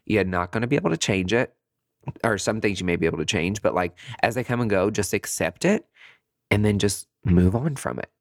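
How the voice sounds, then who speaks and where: A man hosting a podcast on his own, telling a story casually and with animation, swearing freely and jumping up in pitch to make a point. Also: a little fast, no echo, clean studio sound. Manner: animated, chatty, swears freely, jumps high in pitch for emphasis. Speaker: podcast host.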